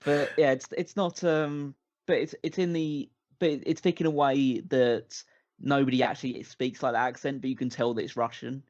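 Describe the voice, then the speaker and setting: A man's voice: medium pitch, normal speed. A man co-hosting a movie-review podcast talks in a loose, rambling way, circling back and restarting his sentences. His voice sits in a middle range, and the audio is a bit dull and lo-fi. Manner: rambling, restarts a lot, animated. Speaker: podcast co-host. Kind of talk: casual movie-review chat.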